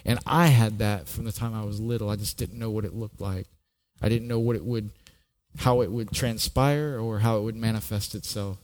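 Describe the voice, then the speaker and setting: A middle-aged pastor shares his personal testimony in a sermon, speaking in a lowish, steady voice at a normal pace with a slightly mellow quality. He's earnest and tends to repeat a word as he begins each thought.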